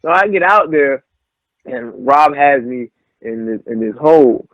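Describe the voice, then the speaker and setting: In an unhurried, medium-pitched voice, this young adult man, a professional wrestler, tells stories casually and acts out others' words with animation. It's an interview on a tinny phone-style line, dry with no echo.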